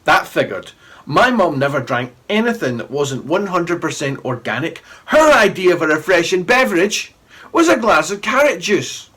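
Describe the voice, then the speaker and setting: Man, middle-aged, reading to children, lively rising-falling voice, slightly husky. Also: a little high, moderate pace. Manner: animated, chatty storyteller. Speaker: children's author. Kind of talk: reading a story aloud to children.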